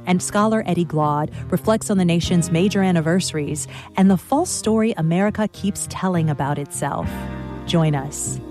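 Low, mellow female promo announcer. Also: moderate pace, soft background music. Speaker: radio announcer. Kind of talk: read radio promo.

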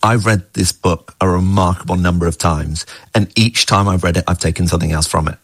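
A man's voice: sits low, steady tone, brisk, slightly rough, no room sound. A middle-aged man, a screenwriter being interviewed, talking in a thoughtful, musing way. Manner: thoughtful, musing, with small laughs. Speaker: guest, screenwriter of the adaptation. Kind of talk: reflective interview talk.

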